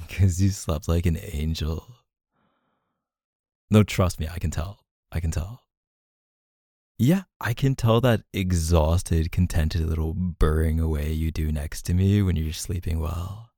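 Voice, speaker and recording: A man's voice: sits low, measured pace, vocal fry, dark tone, no echo, studio quality. A man doing an audio role-play as a boyfriend, teasing and affectionate and laughing often.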